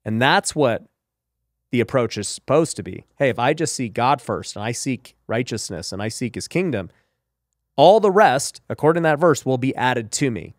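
Man, podcast host, emphatic casual talk, medium pitch, dry close sound. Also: animated, moderate pace, no room sound. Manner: emphatic, frequent "you know" and "right?". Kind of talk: casual faith and business talk.

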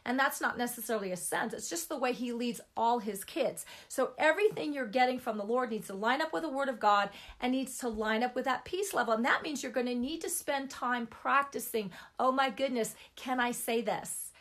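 A woman's voice: on the high side, fairly quick, hardly any pauses, a bit bright. A middle-aged woman giving an informal Christian teaching talk, chatty and emphatic, repeating words for stress.

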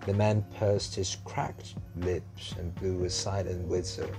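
A man narrating a children's story in a slow, measured reading. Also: low voice, level tone, vocal fry, a little mellow, faint music behind.

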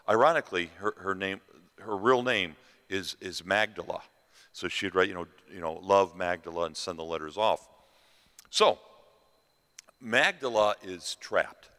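A man telling a dramatic story as a festival sermon, pausing and repeating phrases for effect. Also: lowish voice, bright, forceful tone. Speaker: festival speaker. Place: large hall at a festival. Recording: reverberant hall.

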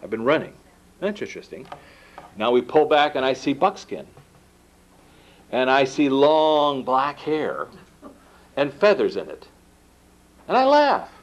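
A man giving a talk to an audience, telling a personal story with lively acted-out dialogue and laughing at himself. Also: medium pitch, a little slow, long pauses. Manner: animated, acts out quoted dialogue, laughs at himself. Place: lecture room. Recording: dull lo-fi talk recording.

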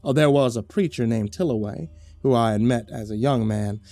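A man playing a pious, flattering southern gentleman with a thick put-on drawl, sounding earnest. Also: mid-range voice, moderate pace, no echo, faint music behind, close to an everyday voice. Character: smooth-talking fake southern preacher-type gentleman.

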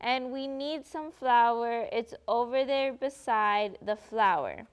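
A woman's voice: a little high, lively intonation, slow, clean tone. A woman voicing a fussy, pleading monkey in a read-aloud picture book. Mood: bossy.

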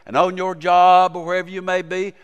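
Pastor, folksy storyteller turned fervent preacher, clear ringing voice, church hall echo. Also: male voice, high voice, level tone, a little fast. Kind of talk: sermon. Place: church sanctuary.

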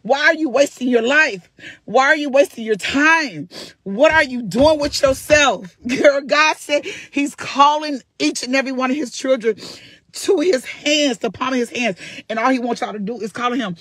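A husky-voiced grandmother gives a fervent, preacherly testimony into her phone, laughing and crying at the same time. The sound is close and dry, with no room around her. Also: sits high, moderate pace, fairly bright tone, no echo. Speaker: vlogger. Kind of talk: emotional testimony to followers.

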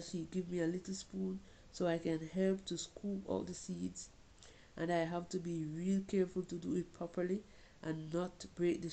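A woman's voice: on the low side, gravelly, rough recording. A woman reading a short story aloud, telling it in a child's chatty voice to her mother. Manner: reads a child's letter-style narration, expressive in questions.

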